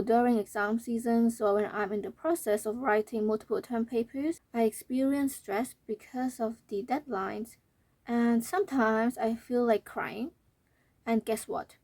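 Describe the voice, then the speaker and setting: A young woman vlogger talking to camera, earnest and emphatic, repeating her points, her voice slightly hoarse and fading. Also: a little high, a little mellow, dry recording. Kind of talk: talking to camera, reading out comments.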